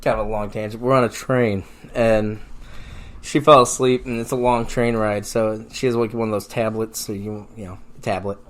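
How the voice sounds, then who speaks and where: A man's voice: lowish voice, flat delivery, moderate pace. A man co-hosting a podcast, telling crude comic stories in casual chat and laughing often through them. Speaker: podcast co-host.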